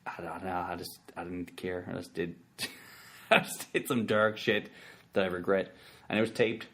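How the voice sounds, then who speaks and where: A man's voice: deep voice, steady tone, moderate pace, pushed and bright. Rambling self-mocking male podcast host. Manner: rambling, self-mocking, sings ringtone sounds and does bits. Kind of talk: casual chat.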